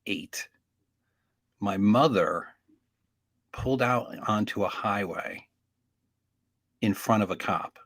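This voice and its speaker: A man's voice: lowish voice, slow pace, creaky, long pauses, fairly bright tone, no echo. A man calling in to a talk show, telling a story casually and acting out the voices of the people in it. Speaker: caller.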